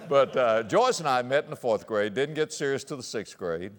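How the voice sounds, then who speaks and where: A man preaching a sermon to fellow pastors, telling stories with jokes and booming emphasis. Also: moderate pace. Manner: animated storyteller with jokes. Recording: long hall reverb.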